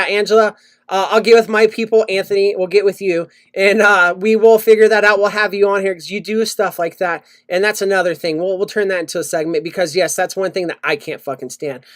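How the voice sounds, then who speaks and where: A man's voice: high voice, fast. A man co-hosting a casual podcast, ranting and swearing as he tells stories. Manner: ranting, swears a lot, animated storytelling. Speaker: podcast co-host. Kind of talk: casual profane chat.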